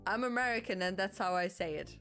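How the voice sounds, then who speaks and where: A woman's voice: mid-range voice, fairly quick, a bit bright, soft background music. A German woman streaming a game in English with a German accent, chatting casually, musing aloud and often correcting herself.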